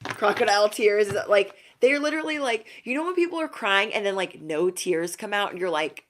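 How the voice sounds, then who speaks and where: A woman's voice: lively intonation, moderate pace, a bit bright. A woman giving a casual tarot reading to her viewers, sassy and emphatic, repeating lines for effect. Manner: mocks others in high put-on voices. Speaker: tarot reader.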